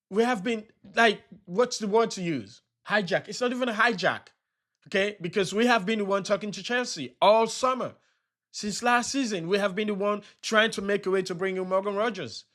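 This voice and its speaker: A man's voice: high-pitched, a bit bright. A young man hosting a football channel, talking in an agitated, upset way in a fan reaction vlog, repeating himself and firing off rhetorical questions.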